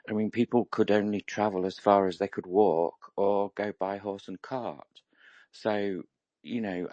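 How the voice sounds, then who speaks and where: A man's voice: fairly low pitch, dry recording. A middle-aged man with an English accent, chatting casually and reflectively, rambling with lots of ums. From England. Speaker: roundtable participant. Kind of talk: casual chat.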